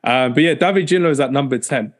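A man hosting a casual podcast and talking in a quick, chatty and upbeat way. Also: mid-range voice. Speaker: podcast host.

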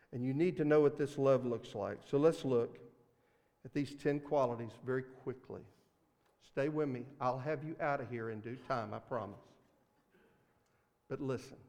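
A man with a Mississippi accent preaching a sermon as pastor, earnest, swinging between loud emphasis and hushed asides. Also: medium pitch, big-room sound. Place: church sanctuary.

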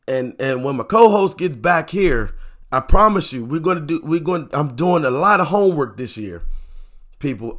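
Animated man hosting a sports talk show. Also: fairly high pitch. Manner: animated, repetitive, rhetorical questions. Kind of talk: casual sports opinion talk.

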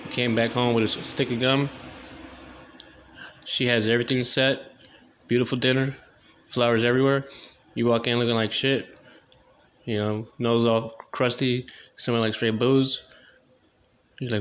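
A man's voice: medium pitch, flat delivery, moderate pace, pauses often. A young man doing a loose, crude, slangy stand-up comedy monologue, in a dull lo-fi recording.

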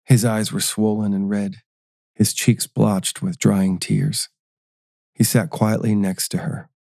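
Low gravelly male storyteller. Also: flat delivery, dark tone, no echo, clean studio sound. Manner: measured, storytelling. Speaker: narrator. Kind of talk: scripted narration.

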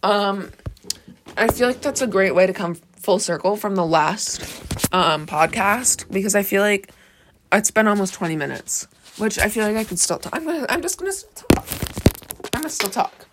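A woman's voice: medium pitch, animated, normal speed, noisy background. Rambling woman on a phone podcast. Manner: rambling, self-correcting; sarcastic. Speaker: podcast host. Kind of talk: casual solo podcast chat.

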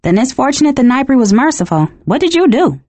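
Woman doing a bright-eyed teen girl from a storybook, eager and innocent, pitched up high, dry close sound. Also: big pitch swings, fast talker, no room sound. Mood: earnest. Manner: enthusiastic, earnest.

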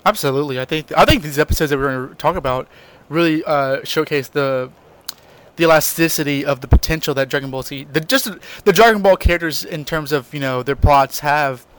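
A man's voice: on the high side, smooth. A man co-hosting a podcast, chatting casually and enthusiastically, often restarting his sentences. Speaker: podcast co-host. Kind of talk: casual chat.

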